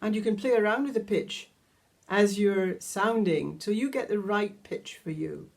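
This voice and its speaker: A woman teaching a guided vocal toning lesson, calmly explaining each step and singing long vowel tones. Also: medium pitch, a little slow, creaky. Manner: calm, instructive, demonstrates sustained vowel tones. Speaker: sound healing teacher.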